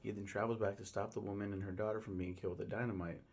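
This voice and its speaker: A man's voice: lowish voice, level tone, rapid-fire, a little mellow, husky. A man recapping a film in a casual, rambling way, full of ums, restarts and swearing. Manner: rambling, lots of ums and profanity. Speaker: film reviewer.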